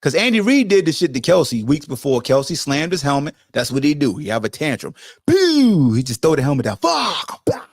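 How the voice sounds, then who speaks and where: Animated cursing male sports podcast host. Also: medium pitch, fairly quick, hardly any pauses, no room sound, clean studio sound. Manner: profane, animated, lecturing. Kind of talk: casual sports commentary rant.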